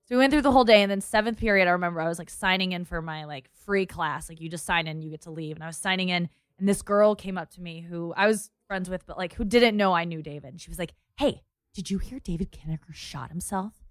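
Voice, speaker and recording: A woman's voice: lowish voice, fast talker, hardly any pauses, clean tone, dry recording, studio quality. A young adult woman in a casual chat, telling a long personal story and quoting the people in it.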